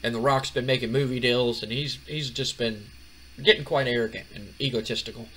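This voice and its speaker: A man's voice: mid-range voice, fairly even intonation, a little fast, sharp tone, a little hiss or hum, rough recording. A man casually narrating a wrestling management game playthrough in a chatty, rambling way. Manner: chatty, rambling, many fillers. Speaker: gaming channel host.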